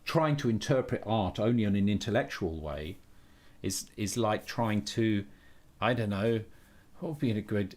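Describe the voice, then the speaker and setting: A man with a lowish, darkish voice talks casually on a live stream. He thinks aloud as he goes, with many restarts and self-corrections, and voices blunt opinions.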